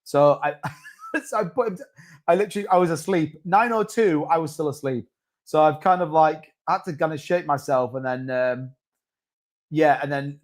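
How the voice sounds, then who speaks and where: A man chats through a crypto market livestream in a slightly raised voice. He rambles with restarts and loose asides, like a relaxed host talking to his regular viewers. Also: on the high side. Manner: rambling, chatty, with many restarts and asides to chat. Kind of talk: casual live-stream market commentary.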